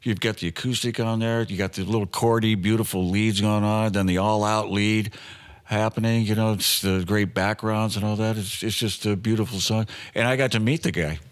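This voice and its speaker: A man in his sixties, a guest guitarist, telling an animated story in casual talk and acting out the voices of the people in it. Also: on the low side, normal speed.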